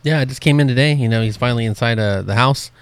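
Laid-back joking podcast co-host. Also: male voice, mid-range voice, fast talker, smooth, no room sound. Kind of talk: casual chat.

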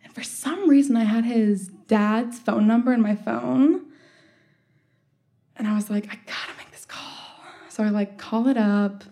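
A woman's voice: medium pitch, mellow. A young woman telling a personal story in a casual, chatty way, full of "like" fillers and wry laughs. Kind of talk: storytelling monologue.

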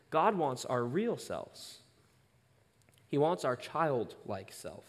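A young male pastor preaching a sermon, telling a personal story with animated, self-aware asides. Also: on the high side, big-room sound.

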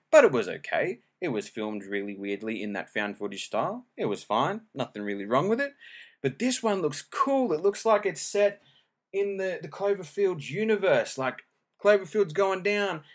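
A man's voice: medium pitch, a bit bright. A man talks alone into a home mic and reviews films in loose, chatty podcast fashion. He wanders off track, doubles back on his words and jokes at his own expense. The delivery is unpolished and conversational, with no script behind it. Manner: rambling, chatty, self-deprecating, with many fillers and restarts. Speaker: podcast host. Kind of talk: casual solo movie review chat. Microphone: home recording.

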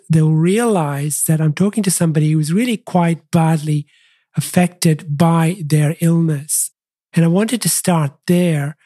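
A man's voice: fairly high pitch, dark tone, no room sound, clean studio sound. A man hosting a podcast, introducing his guest and asking questions in a polite, welcoming manner. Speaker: podcast host. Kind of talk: scripted intro and interview questions. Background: faint music.

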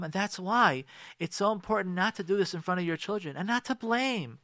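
A man's voice: on the high side, fairly bright tone, no room sound, clean studio sound. A man speaking as a rabbi on a radio talk show, giving emphatic marriage advice with repeated rhetorical questions and frequent restarts.

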